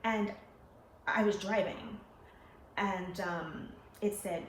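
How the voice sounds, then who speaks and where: A young adult woman telling a personal story in a lively, animated way. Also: medium pitch, takes it slowly, a little hiss or hum. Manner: animated, laughing, acting out quoted voices. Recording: roomy echo with faint ambience.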